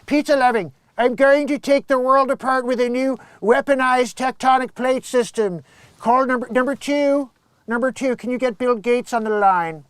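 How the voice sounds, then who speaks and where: A man's voice: extremely high pitch, moderate pace, a bit bright, clear, resonant tone, dry recording, pitched above the performer's own voice. A man voicing an exaggerated cartoon supervillain with a raised, showy comic delivery. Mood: scheming. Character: cackling male cartoon supervillain.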